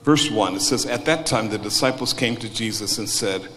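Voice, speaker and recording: A man preaching a sermon, moving from hushed quiet passages to loud, emphatic storytelling. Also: on the low side, normal speed. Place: church hall. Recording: large hall reverb with music behind. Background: instrumental music.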